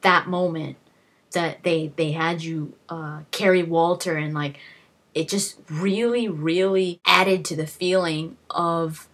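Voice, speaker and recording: Lower-voiced woman retelling game moments. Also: fairly even intonation, takes it slowly, a bit bright. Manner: emotional storytelling with many restarts and acted-out exclamations. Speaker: gaming video host. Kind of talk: casual talk to camera.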